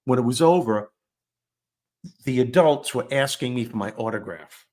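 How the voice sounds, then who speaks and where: A man tells a personal story in an easy, conversational way. He is animated and self-deprecating, and he acts out the lines he quotes. His voice sits at a middle pitch. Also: moderate pace. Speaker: guest storyteller.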